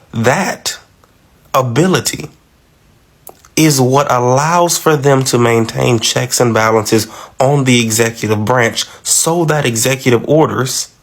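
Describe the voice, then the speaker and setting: Emphatic man explaining on camera. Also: medium pitch. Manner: emphatic, repeats key points. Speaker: commentator. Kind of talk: explanatory social media commentary.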